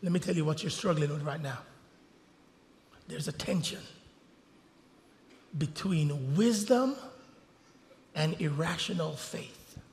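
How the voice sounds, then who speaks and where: High-voiced preaching man, gravelly. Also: slow pace, long pauses, in a large hall, a little hiss or hum. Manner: swings from hushed storytelling to shouted preaching. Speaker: pastor. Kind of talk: sermon. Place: church sanctuary.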